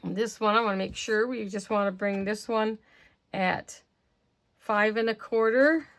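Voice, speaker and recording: A woman's voice: mid-range voice, a little slow, a bit bright. A woman hosting a craft tutorial, explaining steps casually while working with her hands and murmuring to herself, her voice slightly worn and losing strength. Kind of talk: casual step-by-step craft instruction.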